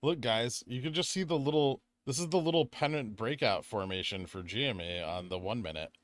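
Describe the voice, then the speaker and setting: A man hosting a live trading stream, reading chat aloud and talking casually with lots of fillers, drifting from quiet murmurs to excited bursts. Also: mid-range voice, brisk, no room sound. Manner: rambling, filler-heavy, swings from quiet muttering to excited bursts. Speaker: livestream trading host.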